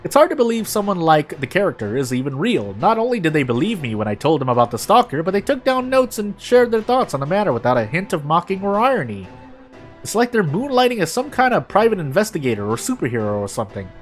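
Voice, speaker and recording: A lonely, anxious young office woman pours her days into a diary, as a man reads her lines aloud. Her voice sits high and leaps around with emphasis, cheerful one moment and fretful the next. Faint game music plays underneath. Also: very animated, fast. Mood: excited, uneasy.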